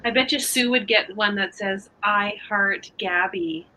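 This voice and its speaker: A woman's voice: mid-range voice, a little slow, pushed and bright, a little hiss or hum, poor audio. A woman chatting casually on a livestream, teasing and chiming in. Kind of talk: casual chat.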